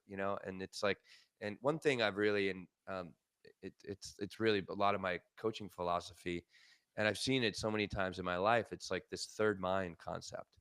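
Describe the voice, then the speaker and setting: A man's voice: fairly low pitch, a bit bright, smooth, no echo, clean studio sound. A man co-hosting a podcast and coaching, talking in an earnest, reflective way with many fillers. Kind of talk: casual podcast chat.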